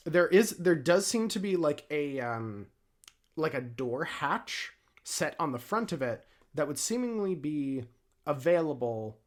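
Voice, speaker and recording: A man's voice: fairly high pitch, very animated, measured pace. A man running a tabletop game as dungeon master, describing scenes in a laid-back way with many fillers.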